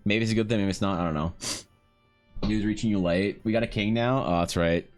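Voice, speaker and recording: A Canadian art streamer chats casually on a livestream, joking, using slang, swearing and laughing. His voice is lowish and fairly quick, with faint music playing behind him.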